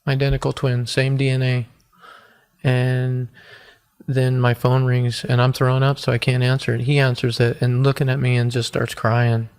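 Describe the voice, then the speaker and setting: A man in his forties telling his personal story as a podcast guest, earnest and halting, with many restarts. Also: mid-range voice, monotone, darkish tone, clear, resonant tone. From United States. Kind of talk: personal testimony in an interview.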